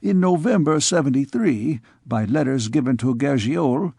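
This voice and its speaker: A man's voice: medium pitch, expressive, normal speed, gravelly, mellow, slightly rough, no echo, clean studio sound. A man voicing an anxious, stingy medieval king who snaps querulously, in an audiobook reading. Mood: dry. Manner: querulous, peevish outbursts.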